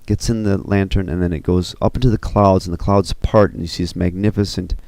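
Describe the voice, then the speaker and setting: A man casually pitching a film story scene by scene, loose and rambling with many fillers. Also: steady tone, fairly quick, gravelly, darkish tone, no room sound. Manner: loose and rambling, full of 'you know' and 'kinda'.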